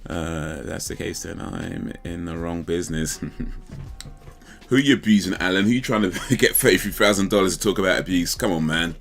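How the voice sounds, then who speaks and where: A man's voice: sits low, normal speed, creaky, fairly bright tone. A man hosting a casual livestream chat, rambling, laughing and trailing off mid-thought. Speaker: livestream host.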